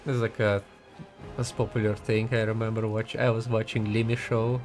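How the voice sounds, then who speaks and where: A man's voice: fairly low pitch, level tone, moderate pace, a little mellow, soft background music. A man giving casual gaming commentary as a streamer, chatty and giggly, rambling as he talks.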